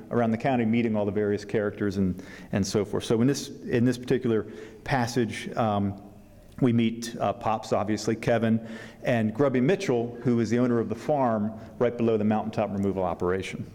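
A man reading aloud from his novel at a public event, pausing with fillers when he talks freely and then reading steadily. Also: lowish voice, mellow, in a large hall. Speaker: author at a book fair reading. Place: event hall.

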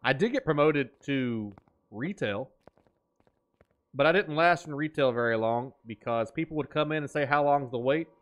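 A man's voice: mid-range voice, normal speed. A man streaming a game, joking and riffing in playful banter with his chat. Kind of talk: gaming stream commentary.

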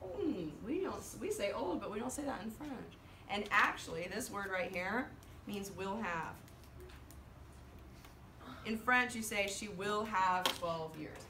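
A woman French teacher leading her class, counting down and reading aloud slowly in chorus with the students, then explaining in a brisk, lively way. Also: mid-range voice, a crowd in the background. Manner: animated, leads choral reading with slow drawn-out words and countdowns. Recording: echoey classroom from far off.

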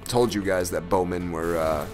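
A man giving live commentary over his own gameplay, excitable and profane, breaking from low muttering into loud yelps. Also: normal speed, over music.

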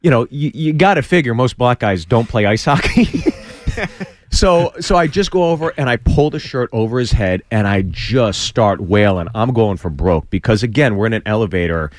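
A man's voice: medium pitch, expressive, moderate pace, dry recording. A man, a stand-up comedian, telling a story on a radio show and acting out the voices of the people in it, with lots of restarts. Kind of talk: animated storytelling. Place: radio studio. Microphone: studio mic.

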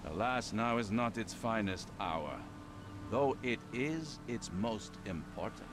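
An actor playing a pompous, flamboyant male gentleman who welcomes visitors to a city in a video game, talking in a grandiose, theatrical way. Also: on the low side, expressive, slow pace, noisy background. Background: game music.

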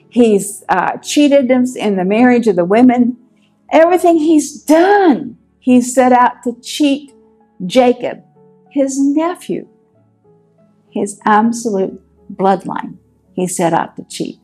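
A woman teaching a Bible story in a casual, lively way, acting out the characters as she goes. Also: a little high, unhurried, husky, soft background music.

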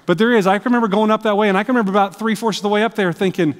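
A man's voice: high-pitched, fairly even intonation, racing, few pauses. A man preaching a sermon in a church, telling personal stories in a conversational way. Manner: conversational storytelling with restarts. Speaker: missionary preacher. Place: church sanctuary. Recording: church hall with long reverb.

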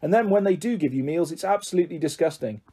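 A man's voice: on the high side, animated, fast, mellow, breathy edge. A man reading aloud and voicing a bold, cheeky ten-year-old girl who lives in care, with a bossy, brash manner. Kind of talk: storybook character reading.

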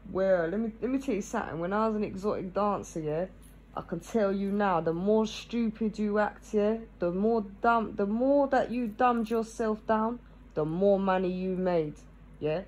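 A woman's voice: mid-range voice, normal speed, a little mellow, low-quality recording. A woman, chatting casually to camera, tagging nearly every phrase with "yeah?" and laughing between thoughts. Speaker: vlogger.

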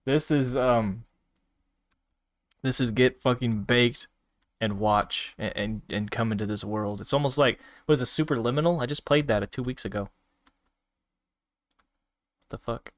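A man streaming a virtual world game, reacting out loud in casual commentary with laughs and exclamations. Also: a little slow, pauses often, dry recording. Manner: laughing, exclaiming, sudden high squeals. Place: at home at a desk.

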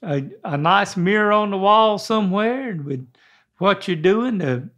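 An older man with a drawl talks in a rambling, folksy way, now and then clearing his throat. His voice sits high for a man. He is giving friendly home advice in a casual chat. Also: lively intonation, measured pace, fairly bright tone. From American South. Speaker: guest father giving advice.

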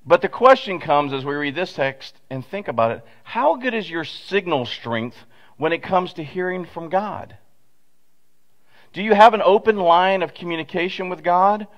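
A man preaching from the pulpit of a church, with a pulpit microphone. He talks in a folksy, storytelling way, full of asides and rhetorical questions to the congregation, and his voice sits a little on the higher side for a man. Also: dull audio. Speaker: pastor. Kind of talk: conversational sermon. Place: church sanctuary.

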